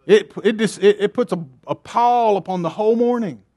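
A man's voice: high voice, moderate pace, dark tone. A man preaching a sermon, emphatic and repetitive, firing rhetorical questions at his congregation.

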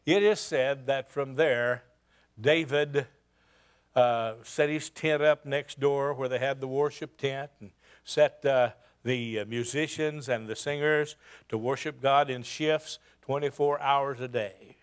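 A man's voice: medium pitch, steady tone, takes it slowly, clear, resonant tone. A man preaching a sermon, retelling a scripture story dramatically with rhetorical questions.

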